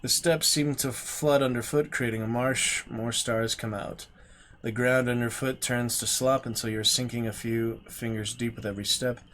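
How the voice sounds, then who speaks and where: A man streaming a gamebook, reading the story slowly and steadily, with quiet mumbled asides to himself. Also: medium pitch, steady tone, a little hiss or hum.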